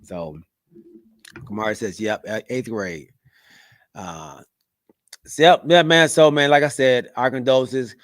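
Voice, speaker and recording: A man's voice: mid-range voice, unhurried, long pauses, no room sound. A middle-aged man co-hosting a podcast, reading the live chat and chatting casually, often saying "man" with plenty of fillers. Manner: relaxed, says "man" a lot, many fillers.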